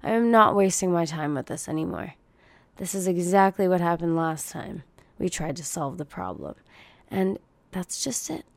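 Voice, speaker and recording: A woman's voice: on the low side, moderate pace, no echo. Blunt profane woman venting on a podcast. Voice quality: husky morning voice. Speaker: podcast host. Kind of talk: casual monologue podcast.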